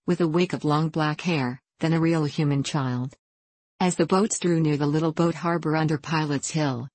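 A woman narrating an adventure story aloud in a steady, measured way. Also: low-pitched, no room sound. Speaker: audiobook narrator. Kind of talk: scripted narration.

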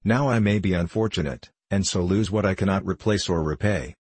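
A man reading aloud plays a proud knight dressed as a pilgrim, who speaks in a stern, measured way. His voice is low and husky. The sound is dry and close. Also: a little mellow, dry recording. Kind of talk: audiobook character voice.

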